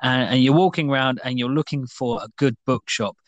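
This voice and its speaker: A man's voice: mid-range voice, brisk, dry recording. A man co-hosting a podcast, telling things in a playful, rambling casual chat. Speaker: podcast co-host.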